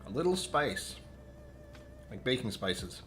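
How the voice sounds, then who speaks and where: A man's voice: medium pitch, very animated, slow pace, fairly bright tone, faint music behind. A man tasting whisky on a live stream, rambling casually, joking at his own expense and chatting with viewers as he reads out their comments. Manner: rambling, self-deprecating, jumps between topics.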